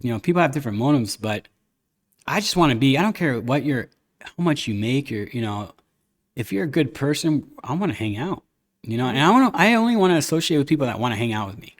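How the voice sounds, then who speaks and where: A man's voice: mid-range voice, very animated, fast. A man hosting a podcast, telling stories and opinions in a candid, rambling casual chat. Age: adult, a father. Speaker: podcast host.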